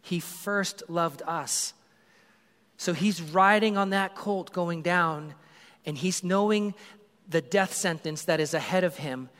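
High-voiced animated preacher in a hall. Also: male voice, takes it slowly. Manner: animated storytelling, acts out crowd voices. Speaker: pastor. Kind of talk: sermon.

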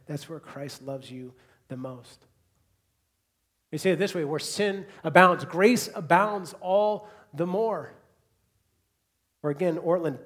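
A pastor with a fairly high-pitched voice preaches to his congregation in a church hall. He swings between hushed, quiet repetitions and loud, emphatic bursts.

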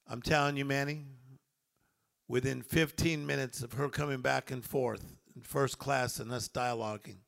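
Gravelly, bright-voiced male pastor preaching. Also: medium pitch, fairly even intonation, normal speed. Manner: preaching with rising emphatic swells. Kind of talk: sermon.

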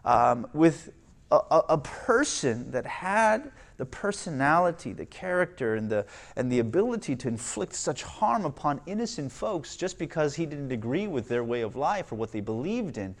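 A man preaching a sermon, starting conversational with restarts and growing loud and emphatic. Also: a little high, big pitch swings, normal speed. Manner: restarts and repeats words. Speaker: pastor.

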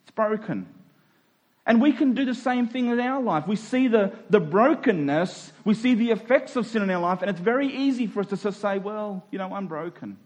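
A male pastor preaching a sermon, emphatic, slowing down to stress key words. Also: high voice, lively intonation, a little mellow.

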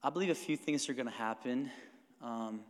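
A man's voice: medium pitch, normal speed. Conversational man preaching in a reverberant hall. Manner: conversational, animated, laughing asides. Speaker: pastor. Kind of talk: sermon. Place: church sanctuary.

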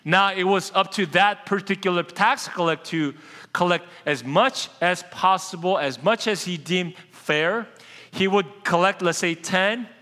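A man with a high, bright, forceful voice preaches a sermon in a loose, chatty way. He talks straight to the congregation and throws questions at them. His voice rings with a long reverb in a church sanctuary. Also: unhurried. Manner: casual, conversational preaching that addresses the congregation directly. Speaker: pastor.

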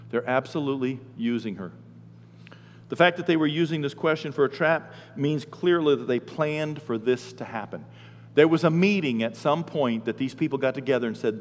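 A male pastor preaching a sermon in a folksy, animated storytelling way. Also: mid-range voice. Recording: long hall reverb.

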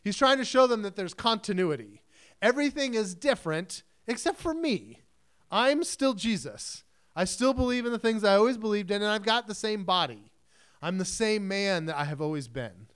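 A man's voice: high voice, sing-song, normal speed, a bit bright, clear, resonant tone. A man preaching a sermon in a casual, conversational way, mixing scripture reading with chatty asides. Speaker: pastor.

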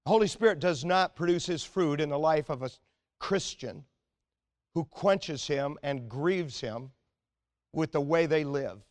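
Earnest, slightly high-pitched male preacher. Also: measured pace. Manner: earnest and exhorting, often dropping to a quiet, intense tone. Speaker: pastor. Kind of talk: sermon.

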